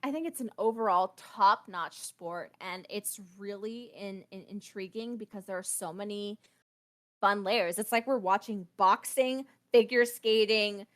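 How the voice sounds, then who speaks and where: A woman hosting a casual hockey podcast chat, enthusiastic and quick to laugh. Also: mid-range voice, fairly bright tone. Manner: enthusiastic, giggly. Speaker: podcast host.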